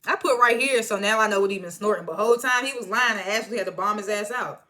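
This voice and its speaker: A woman's voice: medium pitch, quick pace, sharp tone. A woman casually recapping a TV episode, chatty and slangy as she retells scenes. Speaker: TV show reviewer.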